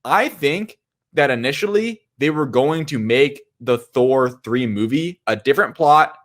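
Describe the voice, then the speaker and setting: A man's voice: mid-range voice, expressive, unhurried. A man co-hosting a movie podcast, talking in an opinionated, emphatic way. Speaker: podcast co-host. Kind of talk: casual movie chat.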